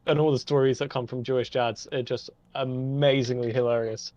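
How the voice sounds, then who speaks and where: A man co-hosting a casual podcast, teasing his friend in quick banter. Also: mid-range voice, level tone, darkish tone. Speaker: podcast co-host. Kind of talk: casual chat. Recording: dull lo-fi sound.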